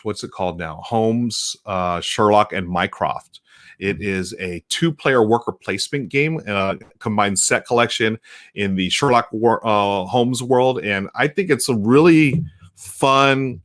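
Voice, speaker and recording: Man, low-voiced host, rambling casual live-stream chatter while unboxing. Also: a bit bright. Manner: chatty, rambling, with frequent restarts and fillers. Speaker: board game streamer and host.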